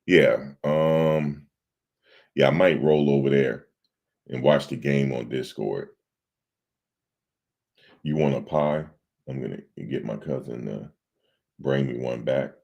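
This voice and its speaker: Man, livestream host, very low voice, husky, rambling casual chat with viewers. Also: fairly even intonation, slow, long pauses, darkish tone, muffled recording.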